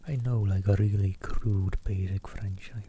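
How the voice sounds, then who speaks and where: A man reading a travel book aloud in a soft ASMR whisper, stopping for self-deprecating asides. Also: fairly low pitch, fairly even intonation, unhurried, a little hiss or hum. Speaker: ASMR streamer.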